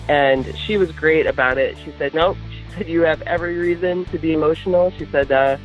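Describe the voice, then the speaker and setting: A woman's voice: low-pitched, a little fast, highs cut off, soft background music. A woman, a podcast guest, telling a personal story in an earnest, heartfelt way. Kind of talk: personal story in an interview clip.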